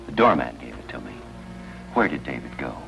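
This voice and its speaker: Deep-voiced gentle chaplain. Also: male voice, very animated, brisk, creaky, over music, heavily acted. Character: earnest male hospital chaplain, gentle, persistent. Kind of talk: 1950s radio drama acting. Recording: dull lo-fi old radio recording.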